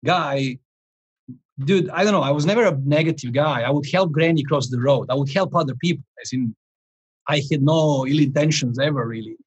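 Male life coach, 40s, interview guest; slightly high, husky voice; animated, restart-heavy storytelling. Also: fairly quick, lo-fi sound. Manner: animated, rambling, frequent restarts and chuckles.

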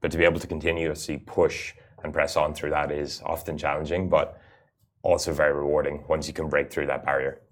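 A man with an extremely deep, low voice answers interview questions. He talks in an earnest, explanatory way and leans on "uh" fillers as he builds his points. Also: flat delivery, fairly quick. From Ireland. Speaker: rally racer guest.

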